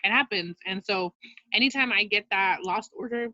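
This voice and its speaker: A woman's voice: medium pitch, moderate pace, bright, forceful tone, no echo. A woman leading a casual training talk for her sales team, chatty and upbeat, full of fillers and "you guys", heard over a video call. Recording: dull lo-fi video call audio.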